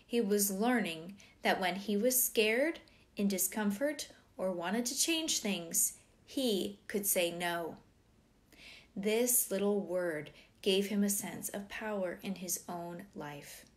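A middle-aged woman reading a parenting book aloud, breaking off now and then for animated personal asides. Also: medium pitch, takes it slowly.

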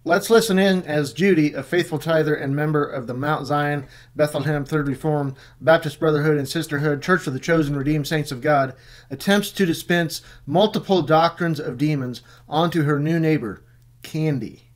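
Man reading scripture in a measured voice. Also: on the high side. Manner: measured, reads scripture aloud. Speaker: Bible teacher. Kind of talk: scripted teaching narration.

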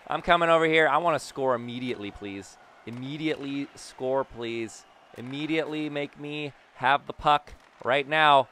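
A young man giving excited, goofy commentary as he plays a hockey video game, yelling at big plays and muttering when things get tense. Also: medium pitch, moderate pace. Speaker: gaming YouTuber.

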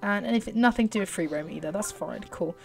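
A young British woman giving excitable commentary while playing a horse racing game, urging her horse on. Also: medium pitch, quick pace, creaky, faint music behind. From Britain. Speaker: gaming YouTuber. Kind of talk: live gameplay commentary.

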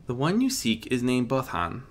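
A man voicing a calm, mysterious cloaked stallion who speaks softly and gently. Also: mid-range voice, moderate pace, creaky. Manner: soft, gentle.

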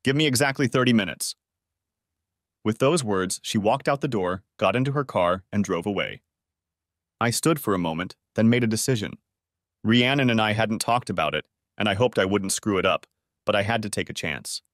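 A man narrating a dramatic first-person story in an expressive way, close to the mic. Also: fairly low pitch, normal speed, no echo.

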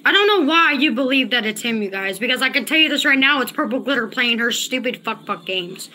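Woman livestreamer, agitated and cussing, high and lively pitch, repeats lines. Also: brisk, slight background noise. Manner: agitated, profane, repeats herself. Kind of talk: casual livestream chat, reading chat.

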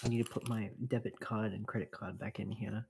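A man's voice: on the low side, flat delivery, fairly quick, vocal fry, background noise. A man joining a livestream as co-host and moderator, bantering in a teasing, playful way. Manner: teasing, playful, mumbly asides.

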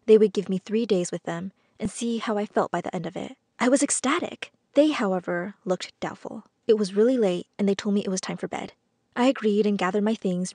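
A woman reading a scripted first-person story as narrator, in a measured, earnest storytelling manner. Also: mid-range voice, vocal fry, a little mellow, no room sound, studio quality.

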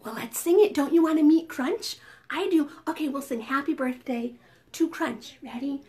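A young woman librarian reading a picture book aloud at preschool storytime, talking to the children with gasps, whispers and sudden bursts of excitement. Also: sits high, moderate pace. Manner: animated, gasping and whispering to draw children in.

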